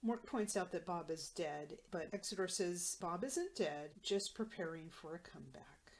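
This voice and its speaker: Brief: woman podcast host, lowish voice, wry recap commentary. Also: lively intonation, moderate pace, a little hiss or hum. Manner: wry, conversational.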